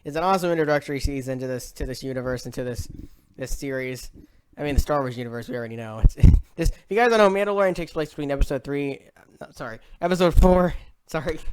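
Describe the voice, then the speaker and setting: A man's voice: medium pitch, clear, resonant tone. A young man giving a casual video review from home, rambling with lots of fillers and self-corrections. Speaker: online show reviewer.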